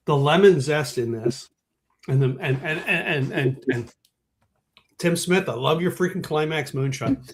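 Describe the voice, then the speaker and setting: A man's voice: a little high, a little slow, a little hiss or hum. A man, hosting a podcast in casual chat, enthusiastic and tripping over repeated words. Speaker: podcast host.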